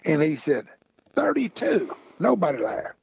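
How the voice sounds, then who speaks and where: A man's voice: on the high side, normal speed, gravelly, a little mellow, slightly rough, no room sound, muffled recording. A man telling rambling folksy stories in casual chat, repeating "he said" as he goes. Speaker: podcast guest storyteller. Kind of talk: casual storytelling.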